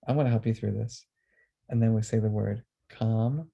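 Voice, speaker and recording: A man presenting a webinar on emotions, speaking earnestly and then guiding listeners through a calm, slow breathing exercise. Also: fairly low pitch, vocal fry, breathy edge, highs cut off.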